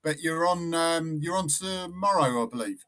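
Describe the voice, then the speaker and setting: A man's voice: a little high, moderate pace, a bit bright. A man in casual chat, explaining steps and then hesitating through restarts. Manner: hesitant, many restarts, says mate.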